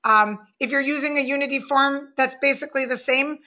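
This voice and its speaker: A woman presenting a software webinar walkthrough, friendly and explaining step by step. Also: high-pitched, fairly even intonation, fairly quick, lo-fi sound.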